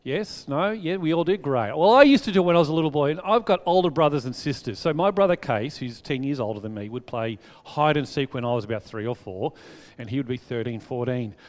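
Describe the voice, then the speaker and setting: Chatty storytelling preacher in a reverberant hall. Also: male voice, medium pitch, brisk. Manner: chatty and animated, telling stories to the congregation. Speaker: pastor. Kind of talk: sermon. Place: church hall. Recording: long reverb of a large hall.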